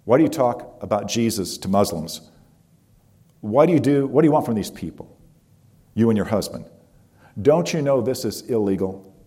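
A man's voice: lowish voice, lively intonation, normal speed, long pauses, dark tone, natural voice. A man voicing an angry male police interrogator who demands answers and issues threats.

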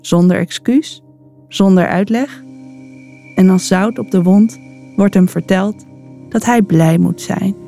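A woman's voice: mid-range voice, measured pace, gravelly, long pauses, mellow. A woman narrating a documentary in an earnest, reflective way. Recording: faint music underneath.

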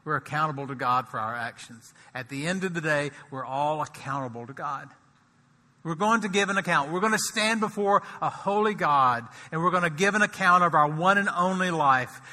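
A man preaching a sermon as pastor, swinging from soft, slow lines to loud, high-pitched emphasis. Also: long reverb tail.

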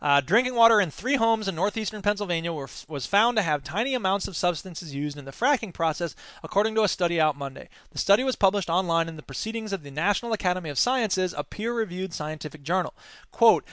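Male podcast host, fairly high voice, sarcastic news commentary. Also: a little fast, no echo. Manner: sarcastic, animated asides.

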